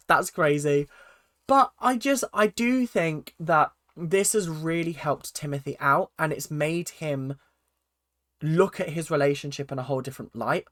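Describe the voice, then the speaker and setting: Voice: mid-range voice, a little slow, a bit bright, no echo, clean studio sound. A speaker giving a casual, chatty recap of a reality TV episode and acting out quotes in silly voices. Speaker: reality TV reaction vlogger.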